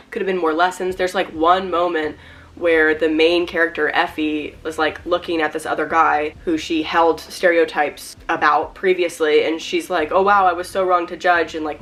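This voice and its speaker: A woman's voice: lowish voice, a bit bright. Chatty young woman with a sick voice. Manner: chatty, frequent "like" fillers. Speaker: book vlogger. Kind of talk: casual book review chat.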